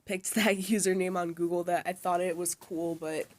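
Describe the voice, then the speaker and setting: A young college-age woman talks on camera from her dorm bed, rambling along with plenty of fillers and restarts. Her voice sits fairly low and stays flat, with little rise and fall. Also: normal speed. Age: young adult. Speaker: vlogger. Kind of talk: casual chat.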